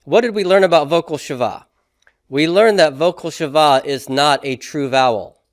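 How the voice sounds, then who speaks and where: A man's voice: on the high side, moderate pace, no room sound, studio quality. A man teaching a classroom lesson on grammar, explaining step by step and often checking in with "okay?" and "right?". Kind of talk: classroom lecture.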